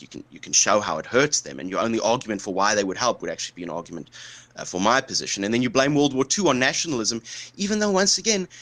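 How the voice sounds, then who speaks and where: An emotional man arguing hard in a debate, his voice bright and forceful. He rambles in long runs, stumbling over fillers and restarting his sentences as he pushes his point. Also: mid-range voice. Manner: impassioned, rambling, heavy with fillers. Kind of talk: heated debate.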